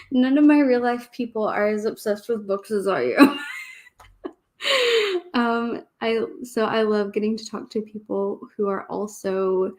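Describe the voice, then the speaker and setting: A woman's voice: medium pitch, steady tone, slow. A woman hosting a book channel, chatting casually on a livestream in a rambling way and laughing often.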